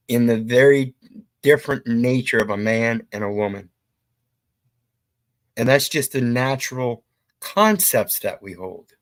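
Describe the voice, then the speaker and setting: A man's voice: medium pitch, no echo. A man hosting opinionated commentary, blunt and preachy with some profanity. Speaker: commentary host.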